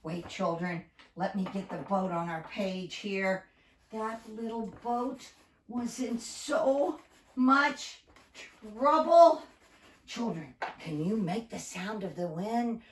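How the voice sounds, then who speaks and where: A woman telling a Bible story to children, animated and talking straight to them. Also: mid-range voice, slow. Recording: roomy echo, distant mic, faint noise.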